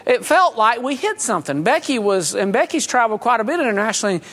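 A man's voice: extremely high pitch, sing-song, quick pace, a bit bright. A middle-aged man preaching a sermon, mixing folksy stories and chuckles with urgent, earnest appeals. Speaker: pastor.

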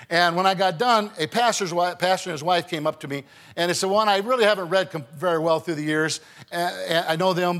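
A man's voice: fairly high pitch, fairly bright tone, big-room sound. A male pastor preaching a sermon in church, with emphatic rising calls and call-and-response to his congregation. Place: church sanctuary.

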